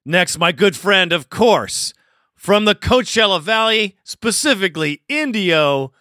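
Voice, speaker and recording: A man with a high, bright voice hosts a sports podcast and rants about a loss. The sound is crisp and dry, with no room around it. He talks casually, frustrated but still laughing now and then. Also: a little slow, no room sound. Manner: frustrated, ranting, with a laugh in his voice. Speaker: podcast host. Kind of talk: casual postgame commentary.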